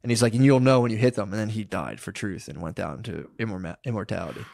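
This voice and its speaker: A man's voice: lowish voice, fast, gravelly, a little mellow, no room sound, clean studio sound. A man co-hosting a comedy podcast, telling a story in rambling casual chat with heavy slang and acted-out quotes. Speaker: podcast co-host.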